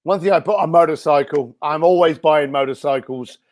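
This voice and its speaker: A man answering interview questions over a video call in a blunt, energetic way, with many fillers and restarts, his voice a little hoarse. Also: fairly high pitch, brisk. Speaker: guest speaker and entrepreneur.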